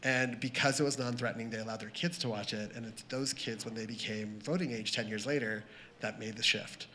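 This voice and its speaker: A man's voice: medium pitch, steady tone, brisk, bright, forceful tone, slight background noise. A man on a panel speaking reflectively, with some hesitation. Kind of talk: panel discussion.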